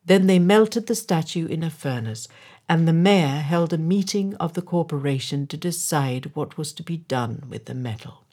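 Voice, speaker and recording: Low husky storybook narrator, woman. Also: moderate pace. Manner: expressive, drops to whispers. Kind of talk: storybook read-aloud.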